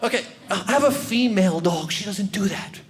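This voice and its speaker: A male comedian works a stage through a handheld mic. His voice sits high and swings widely, and he talks in an animated way, shouting some lines for effect. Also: normal speed, faint music behind. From New York. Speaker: stand-up comedian. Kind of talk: stand-up comedy routine.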